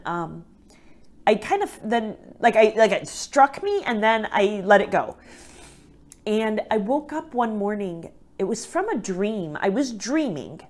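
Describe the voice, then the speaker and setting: An earnest woman tells a faith story in a casual, heartfelt way, full of little fillers and "right?" asides. Her voice sits at an ordinary pitch and carries a tearful, moved edge at times. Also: darkish tone. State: near tears at times. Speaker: guest speaker.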